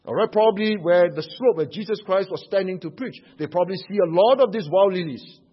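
A man's voice: sits high, brisk, slightly rough, highs cut off. A male preacher giving an emphatic sermon, explaining scripture with rhetorical questions.

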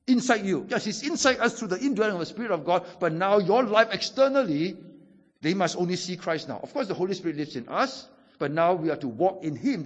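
A middle-aged male pastor preaches in a high, lively voice, hammering key phrases again and again. The sound is dull and lo-fi, with a long reverb trailing after him in a church hall. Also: husky. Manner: animated preaching, repeats key phrases for emphasis. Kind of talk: sermon.

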